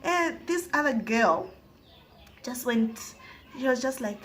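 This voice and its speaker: A woman from Zambia, telling a personal story to her viewers, often laughing and dropping into hushed asides. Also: a little high, expressive, slow, long pauses, a little hiss or hum. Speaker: vlogger. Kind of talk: storytime monologue.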